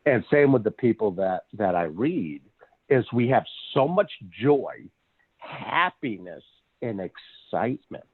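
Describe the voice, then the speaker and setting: A man with a gravelly, husky voice tells stories in casual chat, restarting his sentences and laughing often. His pitch swings widely as he gets animated. He sounds dry and tinny, like a phone call. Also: a little slow, no echo. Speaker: psychic medium guest.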